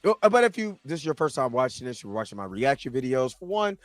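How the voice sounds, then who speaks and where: Excitable man hosting a live chat. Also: medium pitch, fast, no echo, studio quality. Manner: excitable, laughs often, shouts when thrilled. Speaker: show host. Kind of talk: casual live-stream chat.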